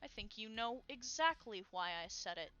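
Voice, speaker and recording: A woman's voice: a little high, lively intonation, moderate pace, lo-fi sound, music in the background, close to an everyday voice. A woman voicing a haughty, sarcastic male character who mutters blunt remarks. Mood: curt.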